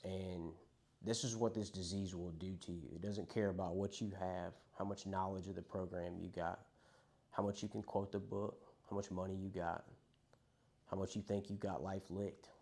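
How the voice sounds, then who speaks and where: A man's voice: sits low, flat delivery, normal speed, warm tone. A young man candidly telling his story of addiction and loss to a recovery group, speaking in a conversational, profane way.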